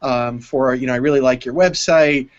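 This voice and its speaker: An American man co-hosting an English lesson, speaking thoughtfully with frequent restarts. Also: medium pitch. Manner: thoughtful, halting, many restarts. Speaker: co-host, English teacher. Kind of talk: online English lesson hangout. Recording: dull web call audio.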